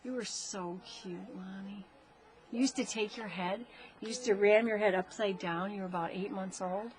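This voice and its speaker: A woman, a mother, telling her grown child stories about him as a baby in a casual home video, animated and often laughing. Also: mid-range voice, moderate pace, a little hiss or hum.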